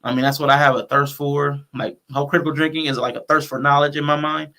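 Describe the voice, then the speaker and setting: A man's voice: a little high, flat delivery, quick pace, sharp tone. A man hosting a casual livestream talk show, speaking conversationally with features and restarting his sentences as he thinks aloud. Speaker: show host.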